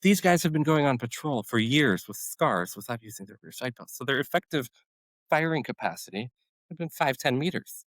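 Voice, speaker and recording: A middle-aged man tells a long war story in a casual podcast chat. He is lively and animated, jumps into the voices of the people he quotes, and his voice swings up and down. The sound is dry and close. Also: medium pitch, fairly quick, no echo, poor audio. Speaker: podcast guest, former special forces medic.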